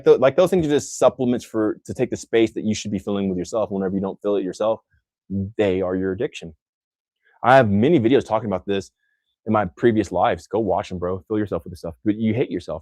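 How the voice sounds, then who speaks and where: Casting: young man from Texas, odd self-made accent, lowish voice, loose rambling livestream host, dry close sound. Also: quick pace, darkish tone, dry recording. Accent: own mixed accent, not Texan. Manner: loose, rambling, many fillers and restarts. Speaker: livestream host answering viewer questions. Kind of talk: casual live Q&A.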